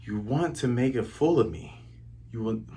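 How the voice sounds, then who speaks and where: A man voicing a scheming male pirate hypnotist with low, grumbling threats while retelling a comic. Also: sing-song, moderate pace, mellow, close to an everyday voice. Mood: menacing.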